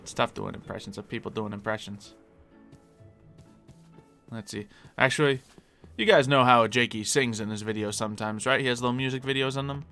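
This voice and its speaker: A man's voice: medium pitch, a little fast, vocal fry, bright, forceful tone, soft background music. A man streaming a game live, chatting casually and answering viewers as he plays. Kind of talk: casual live-stream chat while gaming.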